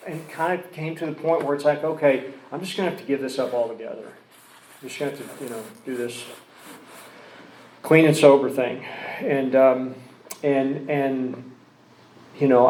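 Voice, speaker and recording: A man's voice: mid-range voice, a little mellow, roomy sound, slight background noise, low-quality recording. Rambling man telling his recovery story. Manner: rambling, with many restarts and asides. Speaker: recovery speaker.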